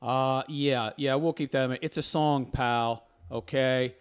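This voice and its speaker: A man talks through a point-by-point rebuttal in an argumentative commentary style. His voice is smooth and clear, sitting at a middling pitch. He explains things in a lecturing way. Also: fairly even intonation, unhurried.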